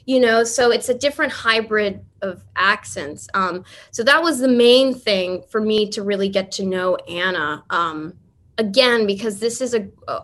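A woman's voice: medium pitch, fairly bright tone. A woman, an actress on a panel, answering casually. She rambles and restarts, and acts out voices as she explains.

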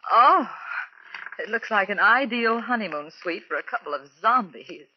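A woman's voice: medium pitch, expressive, normal speed, noisy background, lightly acted. A woman playing an arch, witty society wife. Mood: teasing. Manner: arch, teasing, bright. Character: witty, playful society wife, amateur sleuth. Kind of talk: 1940s radio acting. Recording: dry lo-fi 1940s radio broadcast.

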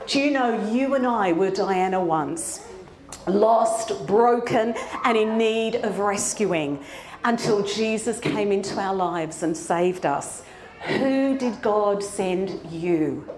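A woman giving a sermon testimony, telling a story with animated delivery that builds to fervent exhortation. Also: mid-range voice, takes it slowly, roomy sound. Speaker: preacher.

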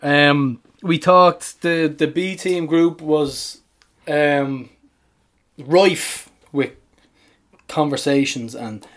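A man co-hosting a casual podcast, with a voice pitched a little higher than most men's. He rambles through plans in a laid-back, jokey way. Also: fairly even intonation, very slow, fairly bright tone. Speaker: podcast co-host. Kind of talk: casual chat.

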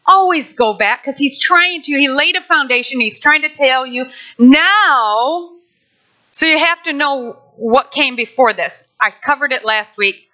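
Bright, lively woman pastor preaching. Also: high voice, measured pace, lo-fi sound. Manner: lively, conversational preaching with playful asides. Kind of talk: sermon. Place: church sanctuary.

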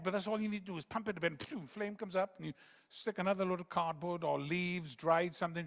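A man preaching a rambling sermon that swings between loud emphatic bursts and hushed quiet passages. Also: high-pitched. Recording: long reverb of a large hall.

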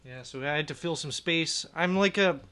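A young man co-hosting a comedy podcast, delivering a sarcastic mock apology in a solemn, halting way. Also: on the high side, sharp tone. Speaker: podcast co-host.

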